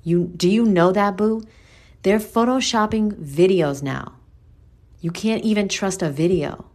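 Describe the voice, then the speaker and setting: A woman's voice: medium pitch, unhurried, darkish tone. A woman with a New York accent giving a candid, blunt monologue to her listeners, swearing freely and calling them boo.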